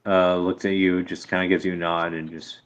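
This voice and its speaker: Deep-voiced game master, halting narration. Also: male voice, flat delivery, muffled recording, a little hiss or hum. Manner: halting, many fillers.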